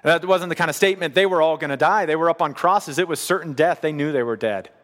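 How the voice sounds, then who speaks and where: A pastor preaches a sermon in a church hall, his voice on the high side and a little bright as he talks fast. He's earnest, building up to emphatic repetition of key lines. The hall adds a long reverb.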